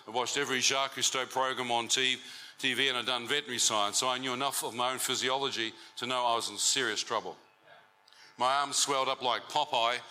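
New man, mid-pitched and very bright, animated testimony storyteller at a church talk. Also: slight background noise, rough recording. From New Zealand. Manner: animated storytelling with crowd banter. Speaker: speaker giving a testimony.

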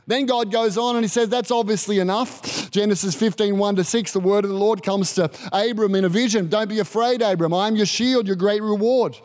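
A high-pitched man preaches with an animated, storytelling delivery. He slips into quick voices for the people in his stories and keeps a casual, joking tone. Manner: animated, acts out quoted voices. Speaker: pastor. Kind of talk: sermon.

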